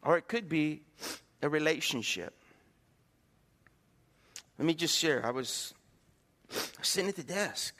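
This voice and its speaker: Animated preacher man in a hall. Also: fairly high pitch, takes it slowly, pauses often. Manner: animated, folksy and joking, acts out quoted voices. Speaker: pastor. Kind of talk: sermon. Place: church sanctuary. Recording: reverberant hall.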